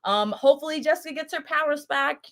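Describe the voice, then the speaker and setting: A woman chatting casually as a podcast co-host, excitable and profane, telling it with lots of energy. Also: high-pitched, fast talker. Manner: excitable, profane, animated storytelling. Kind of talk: casual chat.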